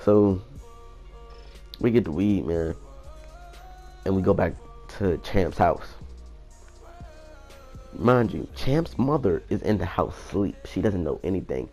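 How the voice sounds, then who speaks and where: A young man casually telling a personal story in a rambling, profane, animated way. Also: deep voice, takes it slowly, long pauses, faint music behind. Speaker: vlogger.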